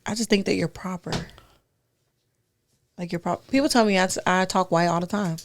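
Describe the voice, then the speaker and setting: A woman's voice: fairly low pitch, moderate pace. A woman guest on a podcast, chatting casually. She is agreeable and hedges her opinions.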